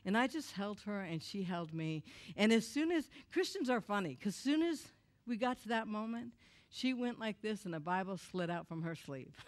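A woman's voice: medium pitch, lively intonation, moderate pace. A woman giving a personal testimony to a church audience, candid and emotional with wry humor.

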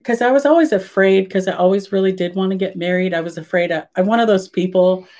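A woman's voice: medium pitch, fast talker, darkish tone. An older woman, a podcast guest, telling a story animatedly and acting out her own past words. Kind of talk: casual storytelling in an interview.

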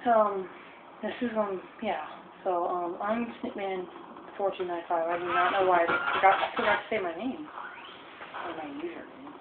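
A gamer casually commentating while playing, rambling and hesitant with many pauses and ums. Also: female voice, mid-range voice, expressive, gravelly, background noise. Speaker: let's play gamer. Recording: tinny phone-like capture in echoey room with game music.

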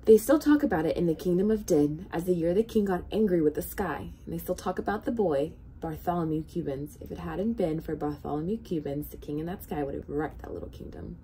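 Gravelly-voiced woman reading a storybook. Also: fairly low pitch, a little fast, hardly any pauses, slight background noise. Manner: expressive storytelling. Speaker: children's hospital volunteer reader. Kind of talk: reading a picture book aloud.

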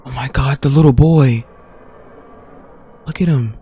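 A man's voice: mid-range voice, unhurried, warm tone, breathy edge. A young man streaming a horror game, talking to himself and his chat in nervous, slangy bursts. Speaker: gaming streamer.

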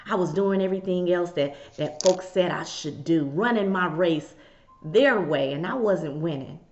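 A woman giving a motivational message in a measured, deliberate way. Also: fairly low pitch, darkish tone, a little hiss or hum. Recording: dull lo-fi audio.

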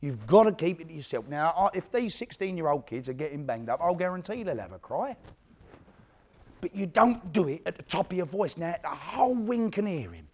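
An actor playing a blunt old East End villain. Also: male voice, on the high side, big pitch swings, fairly quick, a little mellow. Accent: East London. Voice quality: blunt, profane street talk. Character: aging East London career criminal recalling youth. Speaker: one-man play performer. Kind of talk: theatrical monologue.

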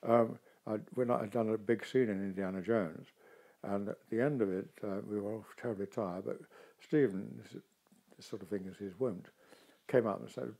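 Older guy in an interview, kinda low and raspy, gets animated telling stories. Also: moderate pace. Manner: expressive, animated storytelling. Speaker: interview guest, actor. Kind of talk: casual interview talk.

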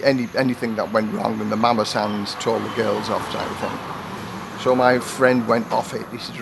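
A retired man in his sixties tells a long personal story in a loose, rambling way. He keeps restarting and acting out what people said. His voice is mid-pitched with a gravelly crackle. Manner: rambling anecdotal telling with restarts and acted quotes. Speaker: vlogger. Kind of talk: storytelling monologue.

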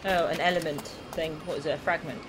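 A gaming streamer giving casual let's-play commentary, chatty, swearing, and full of quick asides. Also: mid-range voice, steady tone. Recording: noisy game audio behind voice.

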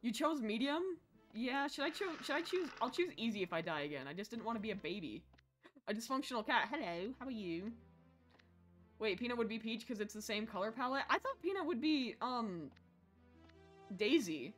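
A woman streaming a horror game live, excitable, shrieking and laughing at the game and chatting with viewers. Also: fairly high pitch, normal speed, soft background music.

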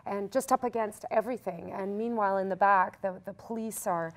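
Young Canadian actress, chatty and animated, mid-pitched. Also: female voice, brisk. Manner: animated, chatty, laughs easily. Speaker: musical theatre actor. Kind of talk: casual Q&A chat.

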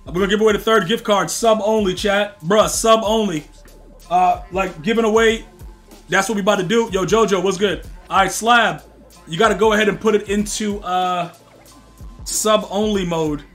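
A young man in casual live-stream chat with his viewers, excitable and profane, talking in a style. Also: high-pitched, normal speed, soft background music. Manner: loud, profane, excitable trash talk.

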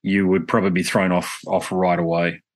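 Aussie podcast guy, really deep voice, talks fast and rambly, keeps correcting himself. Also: little pitch movement. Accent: Australian. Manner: rambling, candid, self-correcting. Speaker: podcast host and interviewer. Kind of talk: casual conversation.

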